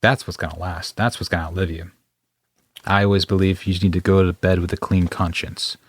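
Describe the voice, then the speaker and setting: Deep-voiced man hosting a reflective chat. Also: little pitch movement, fairly quick. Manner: reflective, rambling, self-deprecating. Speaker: podcast host. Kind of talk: casual interview chat. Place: podcast studio.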